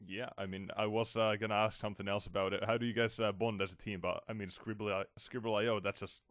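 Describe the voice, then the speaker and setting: A man's voice: fairly low pitch, flat delivery, quick pace, a bit bright, no echo, studio quality. Laid-back joking male interviewer. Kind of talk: casual chat.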